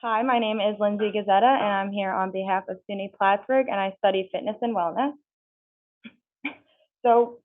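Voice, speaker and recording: Young woman presenting research, tinny sound. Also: medium pitch. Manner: steady, reads through figures and methods. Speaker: student presenter.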